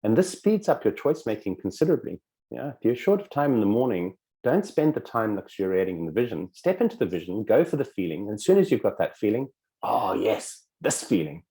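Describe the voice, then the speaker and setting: A man teaching in a casual spoken way, animated and acting out little dialogues with shifting voices, swearing casually now and then. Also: lowish voice, fast talker. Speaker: self-help coach.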